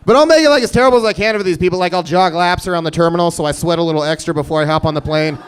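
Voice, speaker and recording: A man in his thirties doing a stand-up comedy set, telling stories deadpan with sudden loud bursts. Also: fairly high pitch, racing, smooth. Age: 30s. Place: comedy stage before a live audience.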